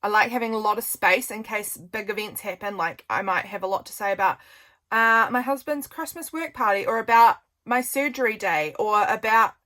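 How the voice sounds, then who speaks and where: A woman's voice: medium pitch, normal speed, pushed and bright. Chatty New woman crafting. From New Zealand. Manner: chatty, self-deprecating, thinks aloud. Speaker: crafting channel host. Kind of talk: casual crafting chat.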